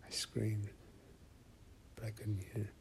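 A low, gravelly male voice narrates a dark first-person tale, slow and hushed, sliding into whispers. His delivery stays flat and even. A faint hiss of noise sits behind him.

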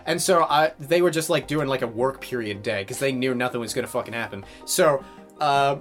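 A young man casually telling a story in conversation. He swears a lot and acts out quotes loudly. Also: mid-range voice, brisk, soft background music. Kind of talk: casual chat.

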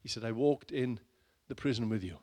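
A middle-aged man preaching a sermon, dramatic and shifting between loud urging and hushed low lines. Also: fairly quick, breathy edge. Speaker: pastor.

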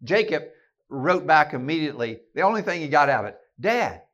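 A man's voice: a little high, lively intonation, fast talker, a bit bright, dull audio. A man giving a fiery keynote sermon to a room of listeners, emphatic and rallying, often restarting his words. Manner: emphatic, rallying, with many repeated word restarts. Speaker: keynote speaker and podcast host. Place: meeting room with an audience.

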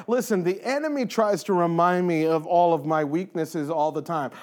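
A man's voice: high-pitched, normal speed, few pauses, darkish tone. A man who leads in a church, talking earnestly and emphatically in a casual faith conversation, repeating phrases for stress. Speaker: church leader.

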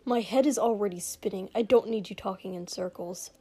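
A woman voicing a hungover, grumpy young male prince who mutters in a hoarse, whispery voice. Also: medium pitch, fairly quick, warm tone, natural voice. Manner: sullen, muttering.

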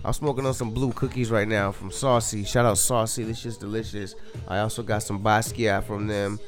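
A man's voice: fairly low pitch, steady tone, moderate pace, soft background music. Laid-back slangy man on a podcast. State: high. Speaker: podcast co-host. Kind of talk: casual chat.

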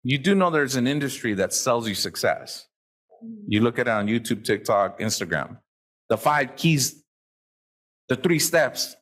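A man giving a live motivational talk to an audience, animated and profane, acting out the people he quotes. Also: medium pitch, unhurried. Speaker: motivational speaker.

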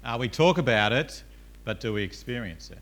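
A man's voice: medium pitch, animated, fairly quick, fairly bright tone. A male pastor giving a conversational sermon in a church, peppered with "uh" and questions to the congregation.

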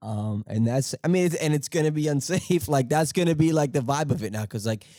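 A man's voice: on the high side, lively intonation, warm tone, dry recording. Rambling, profane young man on a dry mic. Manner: profane, rambling, halting, laughs often. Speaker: podcast host. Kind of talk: casual rambling monologue.

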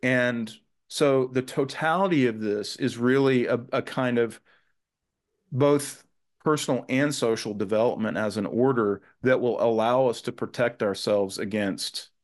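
A man's voice: medium pitch, a little slow. Earnest man thinking aloud. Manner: earnest and thoughtful, with frequent restarts. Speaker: guest author. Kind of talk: conversational podcast interview.

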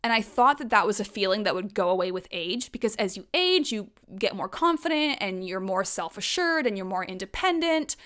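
A woman's voice: mid-range voice, lively intonation, fairly quick, hardly any pauses, a bit bright. A woman in her thirties talking frankly and emotionally in a personal monologue, swearing casually.

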